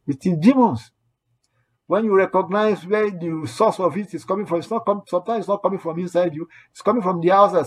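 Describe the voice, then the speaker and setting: A man's voice: a little high, darkish tone, husky. A man preaching a sermon, earnest and exhorting, repeating his points and quoting scripture as he goes. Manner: earnest, repetitive exhortation with quoted asides.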